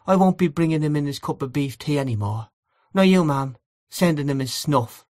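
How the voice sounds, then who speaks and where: A woman's voice: deep voice, moderate pace, a little mellow, pitched above the performer's own voice, natural voice. A man voicing a grieving elderly housekeeper who rambles in a wistful, confiding way. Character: grieving elderly Irish housekeeper, gossipy and plaintive.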